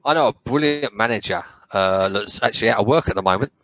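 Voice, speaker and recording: A man's voice: lowish voice, quick pace, a bit bright, rough recording. A man from England chatting casually about football on a podcast, rambling and swearing freely. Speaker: podcast co-host.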